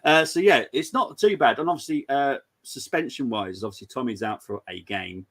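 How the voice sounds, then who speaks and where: A man's voice: medium pitch, moderate pace, fairly bright tone. A man hosting a casual football preview show, chatty and giggly, reading out viewer comments. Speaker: host.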